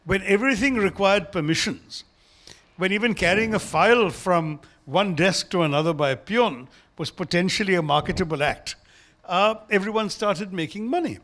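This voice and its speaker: A man's voice: sits high, moderate pace, a bit bright. A man, a guest speaker in an on-stage conversation, talking in articulate, formal wording and telling stories. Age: 60s.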